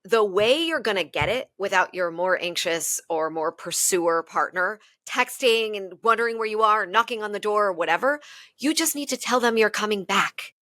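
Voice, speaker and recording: A woman's voice: medium pitch, normal speed, no room sound. A woman guest on a relationship podcast, telling personal stories openly and with animation. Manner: open, animated storytelling with self-deprecating laughs. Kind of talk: candid podcast conversation.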